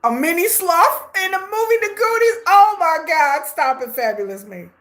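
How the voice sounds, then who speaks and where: A woman's voice: very high-pitched, expressive, moderate pace, fairly bright tone. A woman hosting a casual live reaction, commenting sassily on a show and laughing as she talks back at the screen. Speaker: reaction host.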